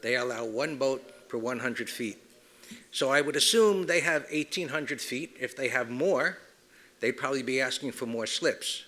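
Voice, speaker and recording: A man speaking as a board president at a city meeting, explaining things in a measured way. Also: mid-range voice, pushed and bright. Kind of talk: public comment at a city meeting.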